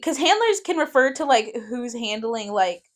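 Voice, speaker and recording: A woman's voice: a little high, sing-song, normal speed. A woman co-hosting a podcast, telling a conspiracy theory in a loose, casual chat full of fillers. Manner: tells conspiracy theory with fillers, laughs easily. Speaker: podcast co-host.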